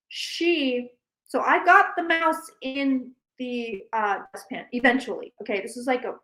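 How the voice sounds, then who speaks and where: Bright-voiced woman telling a rambling story. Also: on the high side, poor audio. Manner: rambling animated storytelling, many restarts. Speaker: psychic livestream host. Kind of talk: casual chat.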